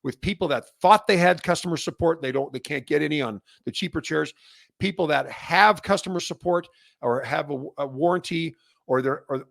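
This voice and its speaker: Canadian man, host, gravelly, dry close sound, rambling with fillers, gets animated. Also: a little high, dry recording. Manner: rambling, many restarts and fillers; gets animated and louder when fired up. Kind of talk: casual solo update.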